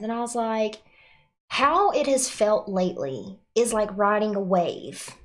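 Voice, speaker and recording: A woman hosting a casual livestream, rambling and swearing a lot, using "like" often, sounding nauseous and worn out. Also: on the high side. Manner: profane, rambling, confessional; frequent filler "like". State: nauseous and exhausted. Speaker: livestream host.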